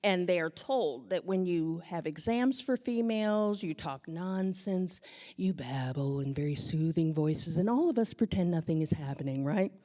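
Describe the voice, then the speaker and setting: A woman's voice: lowish voice, expressive, normal speed, warm tone, big-room sound. A woman on stage telling a comic story about her own life to a live audience, acting out the scenes with self-mocking humor.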